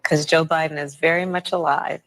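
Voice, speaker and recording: Woman politician, gravelly voice, measured and deflecting, TV interview. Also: low voice, fairly even intonation, fairly bright tone, low-quality recording. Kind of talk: TV news interview.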